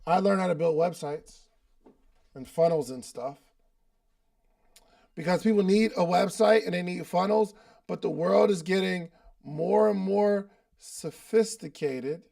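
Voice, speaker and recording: A podcast host and business coach hosts a live online coaching session, his high voice dark-toned, full of vocal fry, and unhurried, with frequent pauses. The talk stays loose and casual, peppered with slang and phrases repeated for emphasis.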